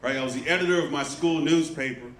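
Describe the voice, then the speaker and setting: A man in his thirties doing a stand-up set with a loud, profane, punchy delivery on a handheld mic. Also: a little high, quick pace. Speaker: stand-up comedian. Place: comedy club stage with a live audience. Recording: roomy live club with loud crowd. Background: audience laughter.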